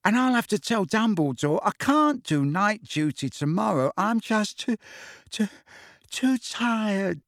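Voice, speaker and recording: Brief: male narrator voicing a high, earnest young woman, weary. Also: expressive, moderate pace, few pauses, breathy edge, no room sound, clean studio sound, full character voice. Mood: tired.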